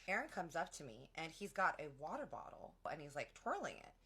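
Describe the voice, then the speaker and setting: A woman's voice: low voice, fairly quick, slightly rough. A young woman casually telling a long personal story, chatty and slangy, acting out what everyone said. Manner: chatty, animated, acts out quotes of friends; slangy, many "like"s.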